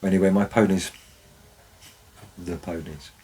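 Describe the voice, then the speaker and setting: A man's voice: low-pitched, steady tone, a little slow, warm tone, slightly rough, poor audio. A man, a former forest warden, tells wry anecdotes in a dry, storytelling way. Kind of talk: storytelling narration.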